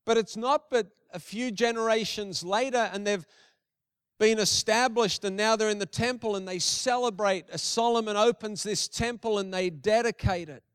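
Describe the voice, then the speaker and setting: A man's voice: high voice, clear, resonant tone, dry recording, clean studio sound. A middle-aged male pastor giving a conversational sermon with emphatic repetition.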